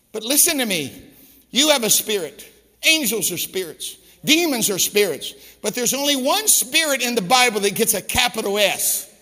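A man preaching a sermon as pastor, emphatic and quizzing the room, sometimes dropping to a hushed storytelling tone, in a hall with long reverb. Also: extremely high pitch.

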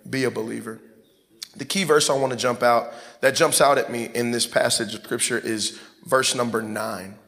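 Pastor, male, chatty sermon storyteller, mid-pitched voice, long hall echo. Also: normal speed, creaky. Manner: conversational, animated storytelling with many fillers.

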